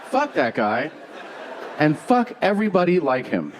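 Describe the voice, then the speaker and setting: A man performs stand-up on a theater stage, his voice a touch high for a man. He tells stories in a deadpan way and acts out each side of a conversation. The live recording carries audience laughter and steady room noise. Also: unhurried. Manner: deadpan storytelling, acting out both sides of dialogue. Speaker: stand-up comedian. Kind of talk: stand-up comedy set. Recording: live show with crowd noise.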